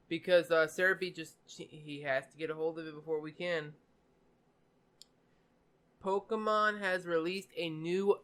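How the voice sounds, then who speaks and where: Drowsy, excitable gaming youtuber. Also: medium pitch, clear, resonant tone. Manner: excitable, swears, stumbles over names. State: sleepy, just woke up. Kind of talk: casual reaction commentary.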